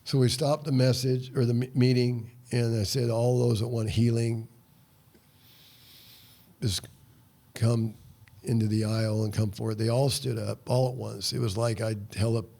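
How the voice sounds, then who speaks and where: Gravelly older man telling a testimony. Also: mid-range voice, little pitch movement, normal speed, warm tone. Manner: earnest, acts out his prayers as dialogue. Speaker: guest, ministry founder. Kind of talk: storytelling testimony in conversation.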